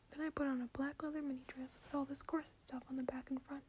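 Woman, soft unvoiced whisper, deadpan, whispered ASMR reading, high voice, faint background hiss. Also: brisk.

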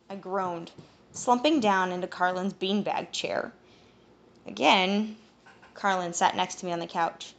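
A woman narrating a first-person novel in an even, storytelling way. Her voice sits in a middle range for a woman. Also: mid-range voice, unhurried, vocal fry. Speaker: audiobook narrator.

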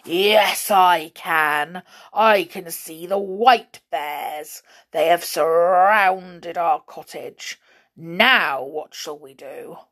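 A gentle, mournful father bear from a storybook, as a woman reads him, speaking slowly and sadly. The voice stays soft and unhurried. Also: fairly low pitch, heavily acted. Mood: worried. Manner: slow and mournful. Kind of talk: storybook reading.

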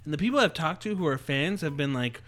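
A man's voice: on the high side, expressive, quick pace, fairly bright tone. A man co-hosting a casual podcast, giving emphatic opinions and swearing for emphasis. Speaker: podcast co-host. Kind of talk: casual chat.

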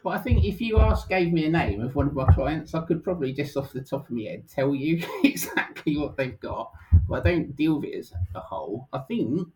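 A middle-aged man speaking as an interview guest, relaxed and casual, with many hesitant ums. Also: on the high side, fairly quick, few pauses, slight background noise, low-quality recording. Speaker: guest, financial planner.

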